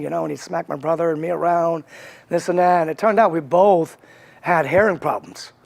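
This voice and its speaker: A man as an interview guest, recounting his past in a halting way with many fillers and restarts. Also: fairly high pitch, creaky, darkish tone. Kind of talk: candid interview storytelling.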